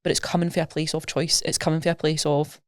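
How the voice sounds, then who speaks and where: A woman's voice: low voice, little pitch movement, fast talker, no echo, studio quality. A woman with a Scottish accent, a coach talking casually and animatedly in a podcast interview, explaining with everyday examples. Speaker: nutrition coach, guest.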